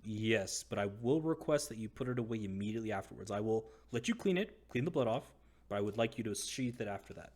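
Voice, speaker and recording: A man narrating as game master in a casual, halting way. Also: lowish voice, expressive, a little mellow. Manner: casual, halting, lots of fillers.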